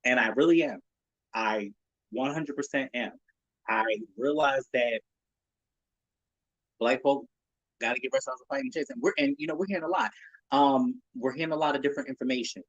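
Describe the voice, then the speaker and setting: A man's voice: mid-range voice, animated, moderate pace, pauses often, dry recording, lo-fi sound. A man in his late thirties hosting his own podcast, talking casually and animatedly, swearing, laughing and acting out people's reactions. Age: 30s. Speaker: podcast host. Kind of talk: casual solo podcast talk.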